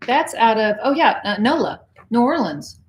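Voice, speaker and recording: A woman's voice: on the high side, sing-song, moderate pace, a little hiss or hum. A middle-aged woman from Texas co-hosting a casual cruise livestream, chatting and greeting viewers by name. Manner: chatty, reads out viewer comments and greets them. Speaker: co-host of a cruise channel livestream.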